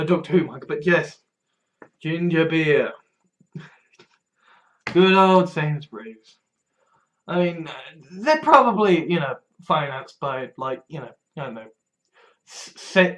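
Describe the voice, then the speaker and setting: A man's voice: a little high, a bit bright. A man in a casual rambling monologue, stumbling over restarts, swearing freely and laughing wryly at himself. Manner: wry, laughs often. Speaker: vlogger.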